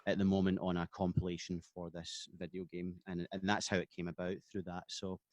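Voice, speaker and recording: A Scottish musician chatting on a podcast over a video call, rambling with many restarts and easy laughs. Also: male voice, low voice, monotone, brisk, a little mellow, highs cut off, slight background noise. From Scotland. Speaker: guest musician. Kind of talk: casual podcast chat.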